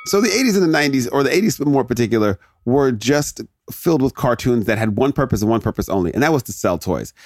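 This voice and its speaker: A man's voice: mid-range voice, lively intonation, fast, few pauses, no room sound. Rambling jokey man, dry close mic. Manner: rambling, jokey, self-interrupting. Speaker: podcast host. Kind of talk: casual solo rant.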